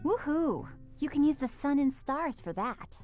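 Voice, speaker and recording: A calm, firm young woman. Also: high-pitched, a little slow, soft background music. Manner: calm, level, quietly firm. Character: composed young woman, protective older sister. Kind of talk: game voice acting.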